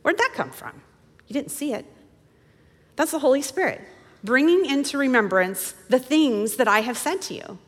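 A woman's voice: sits high, very animated, moderate pace, long reverb tail. A woman teaching a women's Bible study in a chatty, enthusiastic way, often correcting herself mid-sentence. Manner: conversational, self-correcting, enthusiastic.

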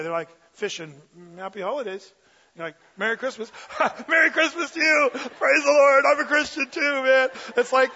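Energetic, chatty male pastor with a high voice, recorded muffled in an echoing hall. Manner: energetic and conversational, many fillers. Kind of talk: sermon.

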